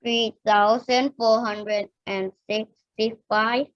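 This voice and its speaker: A woman student answers math questions very slowly and hesitantly, in a somewhat high voice. The sound is dry and close, with a slightly dull, muffled tone. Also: little pitch movement, dry recording.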